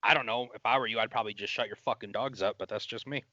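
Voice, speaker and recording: A man co-hosting a casual podcast, reasoning out loud with lots of "like" and "I mean". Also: fairly low pitch, fairly even intonation, racing, no echo, dull audio. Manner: talks things through, full of "like" and "I mean". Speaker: podcast co-host. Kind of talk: casual chat.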